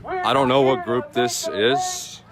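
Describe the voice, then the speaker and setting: A man's voice: mid-range voice, wildly swooping pitch, slow pace. Man reporting live while walking outdoors. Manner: informal, walking while narrating. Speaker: livestream street reporter. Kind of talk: live on-the-ground news commentary. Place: outdoors on city streets.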